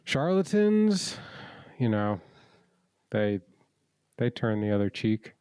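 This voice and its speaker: A man's voice: on the low side, level tone, slow pace, a little mellow, clean tone, no room sound. A man co-hosting a podcast, chatting casually with playful, goofy, teasing humor. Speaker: podcast co-host. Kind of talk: casual chat.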